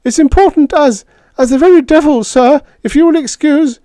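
A man voicing a frantic, very young male embassy sub-attaché whose shrill voice keeps breaking, in a storybook reading. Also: moderate pace, warm tone, no echo. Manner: shrill, voice cracking.

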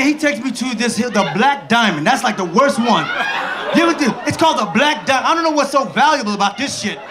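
Male stand-up comic, high voice, brash and shouty storytelling, live club with audience noise. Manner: loud, animated storytelling with shouted character voices. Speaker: stand-up comedian. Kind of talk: stand-up comedy routine. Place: comedy club stage. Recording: live comedy club with laughing crowd. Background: audience laughter.

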